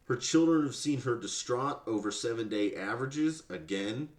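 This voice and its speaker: Male podcast host, sarcastic profane rant, animated voice, roomy echo. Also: mid-range voice, normal speed. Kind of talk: ranting commentary.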